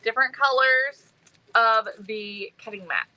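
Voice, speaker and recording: A woman's voice: a little high, unhurried, bright, forceful tone, low-quality recording. A woman hosting a craft live stream, bubbly and chatty, greeting viewers by name. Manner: bubbly and chatty, many ums. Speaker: livestream host.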